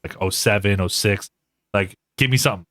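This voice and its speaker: A man's voice: on the low side, brisk, a bit bright, no room sound, clean studio sound. Laid-back slangy podcast co-host, a man. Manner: laid-back, slangy, laughs often, lots of "like". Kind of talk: casual chat.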